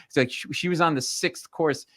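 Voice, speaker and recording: A male comedian telling family stories on a talk show, animated and punchy, slipping into voices. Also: fairly high pitch, a little fast, no echo. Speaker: comedian guest. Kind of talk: comic storytelling.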